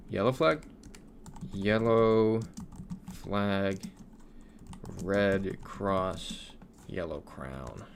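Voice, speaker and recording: Young man, from Florida, low gravelly voice, casual stream chat, reads comments aloud, faint background hiss. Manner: chatty, reads viewer comments aloud, laughs often. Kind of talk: casual livestream chat while gaming.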